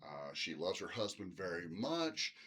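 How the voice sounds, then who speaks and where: A man's voice: low-pitched, big pitch swings, a little slow, pushed and bright, slight background noise. A middle-aged man teaching literature in a casual, rambling recorded lecture, full of fillers like "uh" and "um".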